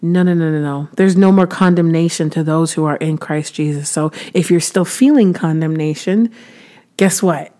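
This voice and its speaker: A woman in her thirties, a Christian vlogger, offers devotional encouragement to the camera in a low, mellow voice at normal speed. Earnest and chatty, she restarts often and breaks into sudden preacher-like emphasis.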